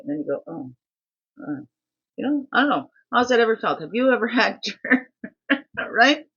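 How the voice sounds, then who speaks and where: A man's voice: high voice, moderate pace, dull audio. A tired man hosting a daily reflection video, musing and asking many questions in a rambling, personal way. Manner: musing, asks many questions, quotes others in animated voices.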